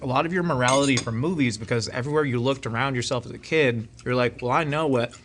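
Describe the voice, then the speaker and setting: A man's voice: medium pitch, quick pace, a bit bright. A man hosting an interview over a meal, asking curious, prompting questions in a casual way. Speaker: interviewer host.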